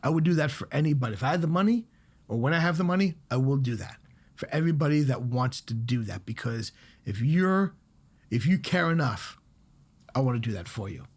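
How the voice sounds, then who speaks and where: Husky-voiced chef, blunt storyteller. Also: male voice, mid-range voice, brisk. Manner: blunt, animated storytelling with swearing. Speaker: guest chef. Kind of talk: casual podcast conversation.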